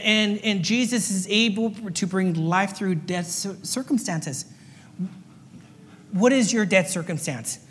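Brief: male preacher and chaplain, high-pitched, earnest repeating delivery, recorded in an echoing church hall. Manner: earnest, repetitive, acts out little voices for illustration. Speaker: pastor and fire chaplain. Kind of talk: sermon. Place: church sanctuary. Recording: long hall reverb.

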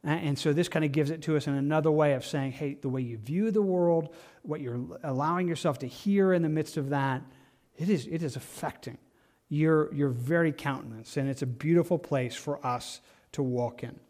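Pastor teaching a Bible study. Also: male voice, a little high, moderate pace, a little mellow. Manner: conversational, with frequent restarts and acted quotes.

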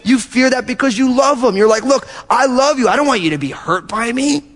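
A man pastor preaching a sermon, telling animated stories and acting out little asides to his congregation. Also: very high-pitched, a little fast, in a large hall. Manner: animated storytelling with acted-out asides.

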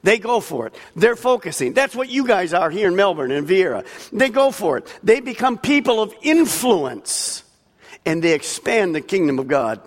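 A man preaching a sermon in a big hall, his voice somewhat high and very lively as it rises and falls. Long reverb rings after his words. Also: moderate pace. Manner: emphatic preaching, swelling and dropping. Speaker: pastor. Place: large church hall.

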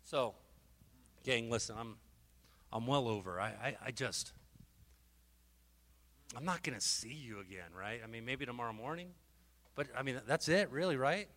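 Male preacher, fervent and emotional, bright forceful tone, booming reverb of a festival stage. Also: lively intonation, moderate pace, pauses often. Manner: fervent, exhorting, swings from loud to hushed; emotional, repeats and restarts words. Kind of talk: sermon.

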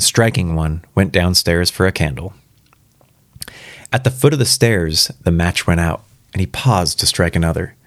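A man's voice: deep voice, no echo, clean studio sound. A man reading a spooky story aloud for the first time, casual and reacting aloud between passages. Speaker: reader.

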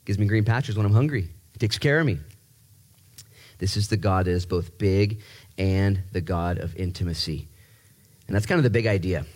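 A man preaching a sermon in a lively, joking way, repeating words and jumping up in pitch to stress a point. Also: moderate pace, pauses often. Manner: animated, jokey, repeats himself, voice jumps high for emphasis. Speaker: pastor.

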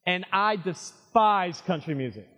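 A male pastor delivering an animated sermon, throwing call-and-response questions to his congregation. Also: high voice, a little slow, long reverb tail, dull audio. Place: church sanctuary with congregation.

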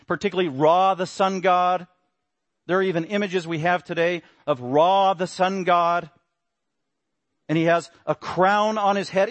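A male pastor delivers a sermon in a fairly high voice, animated and full of rhetorical questions. His voice sits close and dry, with no room sound around it. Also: no room sound.

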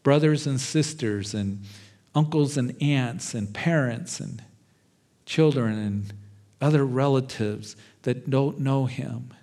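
A man in the pulpit, preaching a sermon with an animated storytelling manner. His voice sits at an ordinary middle pitch, and he acts out the quoted lines as he tells the stories. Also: takes it slowly. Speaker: pastor.

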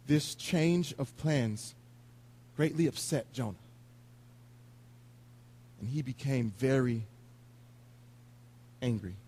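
A man's voice: mid-range voice, darkish tone, breathy edge. A man preaching a sermon in an earnest, confessional way, retelling scripture in everyday words.

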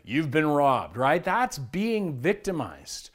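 A middle-aged man preaching a sermon as pastor, energetic and conversational, with lively asides. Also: fairly high pitch, moderate pace. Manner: energetic, conversational, acts out his kids' whiny voices. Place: church.

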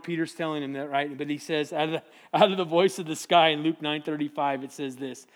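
A man's voice: fairly high pitch, a little fast, hardly any pauses. A middle-aged man preaching a casual, jokey sermon, acting out voices from the Bible. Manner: animated, jokey, acts out biblical voices.

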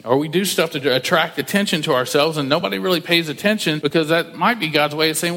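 A man's voice: a little high, fast, few pauses, bright, forceful tone, big-room sound. A man preaching a conversational church sermon, acting out the voices of the people he quotes. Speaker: pastor.

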